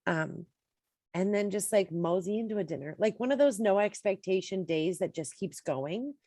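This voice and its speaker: A woman's voice: mid-range voice, expressive, moderate pace, dark tone, dry recording, studio quality. A woman co-hosting a podcast, talking in a reflective, rambling way. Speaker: podcast co-host. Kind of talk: casual chat.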